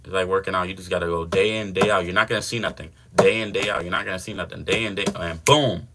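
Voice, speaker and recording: A man's voice: deep voice, fairly even intonation, fast, bright, forceful tone, slight background noise. A young man hosting a fitness livestream, chatting casually with viewers in a slangy, laid-back way.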